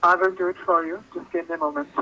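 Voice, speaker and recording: Guy on a tinny phone line doing a pushy tech support script, high bright voice, broken english. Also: sing-song, fast, gravelly. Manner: insistent, broken English phrasing. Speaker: fake tech support caller. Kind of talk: scripted sales pitch over the phone.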